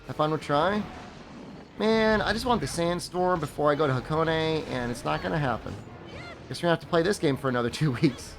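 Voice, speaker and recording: A man's voice: a little high, brisk, creaky, music in the background. A young man streaming a game, chatting casually with his viewers in a rambling, sarcastic way and laughing at his own jokes. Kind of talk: casual live-stream chat while gaming.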